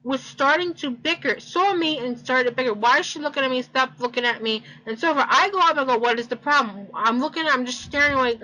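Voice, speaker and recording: Casting: young woman, high bright voice, loose rambling storyteller, swears. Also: rough recording. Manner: rambling, repeats herself, swears. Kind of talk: casual personal story.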